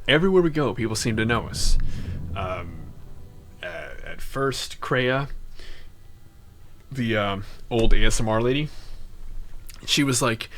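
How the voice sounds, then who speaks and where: A man's voice: medium pitch, lively intonation, unhurried, pauses often, a bit bright, slight background noise. Chatty young man rambling about a game. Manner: chatty, rambling, jumps into mock voices. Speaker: gaming channel host. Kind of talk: casual game commentary.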